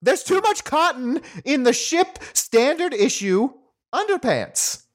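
A man in an improvised comedy role-play, talking in an animated, playfully defensive way. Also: very high-pitched, slow pace.

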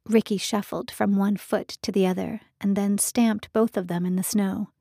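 A woman reading an audiobook in a measured, even storytelling manner. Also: mid-range voice, gravelly, slightly rough, no echo, clean studio sound. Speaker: audiobook narrator. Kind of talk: scripted audiobook narration.

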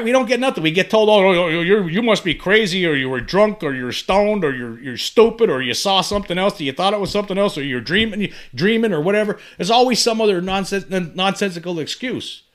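A man's voice: on the high side, fairly bright tone. A man in his fifties talking on his own, rambling and impassioned, often repeating words and restarting sentences as he builds to urgent appeals. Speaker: channel host. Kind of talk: monologue to camera.

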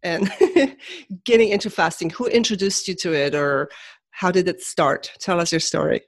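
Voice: medium pitch, normal speed. Laughing, chatty podcast host. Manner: friendly, laughs often, rambling questions. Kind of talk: casual interview chat.

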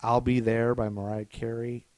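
A man's voice: mid-range voice, flat delivery, normal speed, a crowd in the background. A man co-hosting a podcast, chatting casually and rattling off lists with dry, teasing humor. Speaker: podcast co-host. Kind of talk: casual chat.

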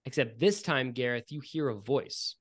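A man's voice: mid-range voice, normal speed, no echo, clean studio sound. A man narrating a tabletop role-playing game as game master, joking and swearing at his players. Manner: crude, joking and profane.

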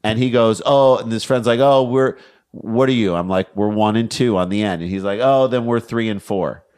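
A middle-aged man, a podcast co-host, telling a story in lively chat and acting out the people in it. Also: lowish voice, a little fast, clear, resonant tone. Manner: lively, acts out the other people in his story.

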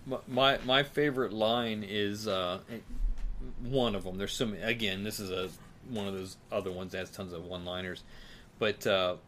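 A man's voice: on the low side, steady tone, normal speed, fairly bright tone, slight background noise. A man hosting a casual movie chat, rambling and laughing often as he trails off. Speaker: podcast host.

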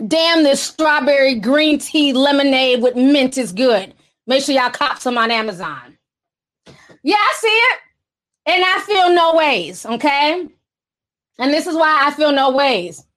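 A young woman hosting casual commentary, sassy and animated, reading posts aloud with frequent laughter. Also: sits high, unhurried. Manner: sassy and animated, laughs often, puts on a valley girl voice for quotes. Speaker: commentary host.

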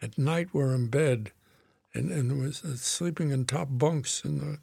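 A man's voice: mid-range voice, unhurried, vocal fry, dark tone, husky, dry recording. A man in his nineties, a guest in an interview, telling a long anecdote with restarts and chuckles. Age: 90s. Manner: rambling with restarts, chuckling as he tells stories.

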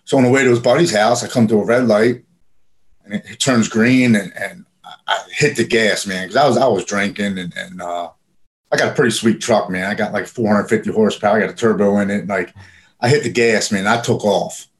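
A man's voice: on the low side, fairly even intonation, fairly quick. A man casually telling a personal story in plain, profane speech with frequent fillers. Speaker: guest telling his recovery story.

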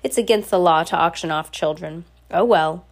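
A woman's voice: fairly low pitch, moderate pace. A woman with a cold voicing a vain, wealthy guardian who talks in a haughty, bossy and impatient way. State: has a cold, scratchy throat.

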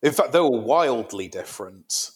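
A man co-hosting a casual podcast chat, animated and playful in his storytelling. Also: mid-range voice, moderate pace, husky. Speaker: podcast co-host.

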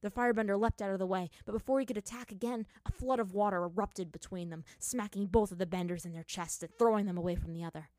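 A woman's voice: medium pitch, quick pace, hardly any pauses, darkish tone, no room sound, studio quality. Woman narrating a dramatic fan story. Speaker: fan fiction reader.

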